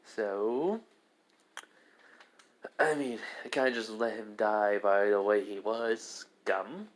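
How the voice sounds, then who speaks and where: A man's voice: fairly low pitch, fairly even intonation, slow. A man casually narrating a made-up story, rambling and correcting himself as he goes. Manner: rambling, lots of fillers and restarts. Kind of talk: casual spoken fan-fiction narration.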